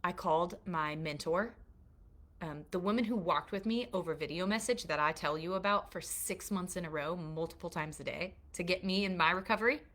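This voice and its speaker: A woman's voice: fairly low pitch, brisk, fairly bright tone. A middle-aged woman teaching a course for mothers, earnest and confessional, checking in with her listeners as she shares her faith. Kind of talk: heartfelt faith-based teaching to a live online group.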